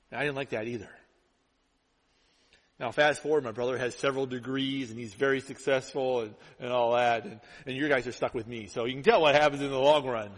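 A male pastor preaching a sermon, telling stories with lively acted-out quotes. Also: medium pitch, brisk. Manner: animated storytelling, acts out quotes. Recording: long hall reverb.

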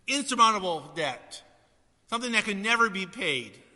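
A man preaching a sermon to a congregation, swinging between loud emphasis and soft asides. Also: high-pitched, sing-song, normal speed, long reverb tail. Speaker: pastor.

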